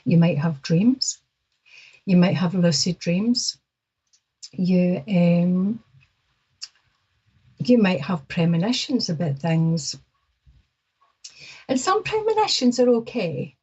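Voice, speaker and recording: Chatty woman with a husky voice. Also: fairly low pitch, very animated, takes it slowly, pauses often, warm tone, highs cut off. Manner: chatty, rambling with fillers and asides. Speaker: psychic guest. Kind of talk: casual spoken explanation.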